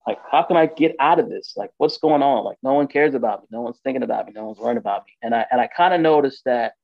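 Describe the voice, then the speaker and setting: A man tells a painful personal story in a loose, candid way, throwing himself into the quoted dialogue. His voice sits at an ordinary middle pitch. The recording is dry, with a slightly dull, muffled tone. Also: quick pace, creaky, no room sound. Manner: emotional, candid, animated retelling with quoted dialogue. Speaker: guest telling his story. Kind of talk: casual storytelling on a podcast.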